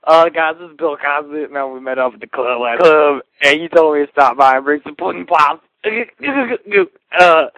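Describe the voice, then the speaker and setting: A man putting on a rambling, hesitant impression of a famous older comedian, left as a voicemail. The voice sits fairly high and dry, with a dull, muffled sound. Every line comes through like a message played back from an answering machine. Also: moderate pace, few pauses, fairly bright tone, dry recording. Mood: prankish. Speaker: voicemail caller.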